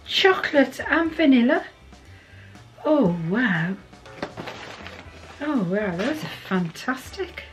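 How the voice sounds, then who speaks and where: An English woman from the UK, a vlogger chatting excitedly while unboxing gifts, gushing and laughing often and cooing playfully at her dogs. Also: high voice, slow, pauses often, faint music behind. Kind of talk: casual unboxing chat.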